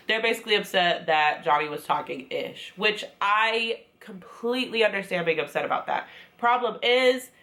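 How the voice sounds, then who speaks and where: A woman's voice: mid-range voice, animated, normal speed, sharp tone. A woman giving a casual, sassy recap of a reality show, chatty and full of quoted asides. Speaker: recap vlogger.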